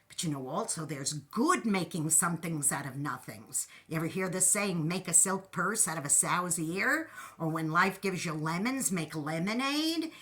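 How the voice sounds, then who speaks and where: A woman host giving an animated, encouraging talk, telling stories and playfully acting out quotes. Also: on the low side. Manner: animated, storytelling with playful voices. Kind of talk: inspirational talk.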